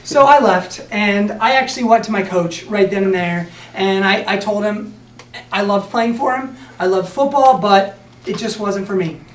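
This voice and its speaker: Brief: young male storyteller, higher voice, animated and laughing, heard from afar in a roomy hall. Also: moderate pace. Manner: animated, laughing, acts out quotes. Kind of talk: live personal storytelling. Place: stage at a community storytelling event. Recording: echoey hall, mic far off, faint ambience.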